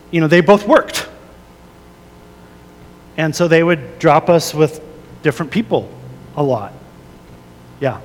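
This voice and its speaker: A man in his thirties preaching a sermon, earnest and confessional, shifting from soft prayer to emphatic storytelling. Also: high voice, big-room sound. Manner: earnest, confessional, many fillers and restarts, soft prayerful then rising emphatic. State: a little emotional. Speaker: pastor.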